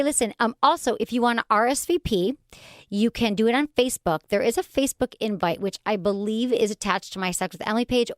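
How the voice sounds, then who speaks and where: A woman's voice: mid-range voice, no room sound, clean studio sound. A middle-aged woman hosting a podcast, chatting in an upbeat, rambling way. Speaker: podcast host. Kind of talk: casual chat.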